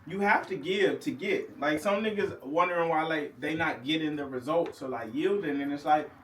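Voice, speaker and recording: A man with a fairly high voice talks in a loose, slangy way and laughs often. He sounds set back from the microphone in an echoey room, with steady noise behind him. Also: normal speed, far from the mic. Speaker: recording artist. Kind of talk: casual chat.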